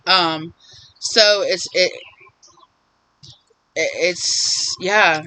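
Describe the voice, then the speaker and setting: Bright, rambling male tarot reader. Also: sits high, very slow, slight background noise, rough recording. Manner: rambling, animated, acts out quoted voices. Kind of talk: casual spiritual tarot reading.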